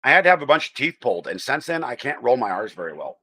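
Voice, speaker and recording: A talkative American man hosts a casual livestream, rambling along and calling out viewers by name in a General American accent. He talks fast in a mid-range voice that's sing-song, sharp-toned and husky.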